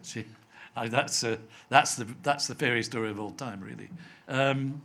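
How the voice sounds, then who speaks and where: Older Scottish man, softened accent, seasoned TV writer as interview guest; chatty storyteller who mimics the people he quotes. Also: mid-range voice, normal speed, gravelly. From Scotland. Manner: chatty storyteller, acts out quoted voices, laughs often. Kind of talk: anecdotal live interview.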